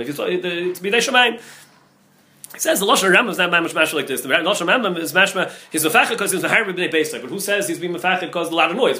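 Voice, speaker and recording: Male rabbi lecturing on Talmud; rapid, repetitive delivery with a high, bright voice. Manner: rapid, repetitive, heavy with Hebrew and Yiddish terms.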